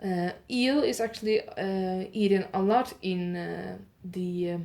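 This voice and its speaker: A woman's voice: mid-range voice, steady tone, unhurried, gravelly, a little mellow. Chatty woman reading holiday facts aloud. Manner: reads steadily, stops often with "uh" to correct her pronunciation; chatty, laughing asides to listeners. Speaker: host of an audio advent calendar show. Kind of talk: improvised reading of holiday facts with casual asides.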